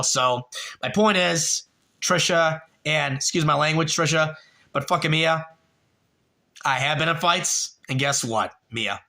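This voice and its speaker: Slightly tipsy, a young man hosting a livestream rambles through a long story, swearing and using plenty of fillers. He has a fairly high, gravelly voice with a sharp tone.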